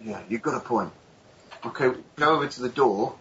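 A man's voice: medium pitch, brisk, fairly bright tone. A man playing a tabletop game, jokey and asking lots of questions. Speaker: player. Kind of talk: casual tabletop play. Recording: dull lo-fi recording with faint hiss.

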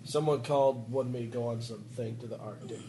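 A man playing a tabletop game, laid-back and quick to laugh. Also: medium pitch, fairly even intonation, warm tone, a little hiss or hum. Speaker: player. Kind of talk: casual chat at a game table.

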